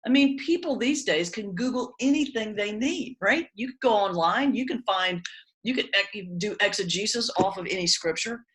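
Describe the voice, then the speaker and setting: A woman, a pastor and stand-up comedian, teaching in a conversational webinar talk with animated storytelling and comic timing. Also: mid-range voice, normal speed, rough recording. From Southern United States.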